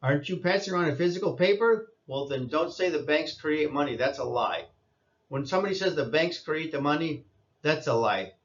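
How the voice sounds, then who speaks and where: A man's voice: a little high, expressive, a little fast, dull audio. A man giving an insistent lecturing monologue, repeating his points and scolding listeners. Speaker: commentator.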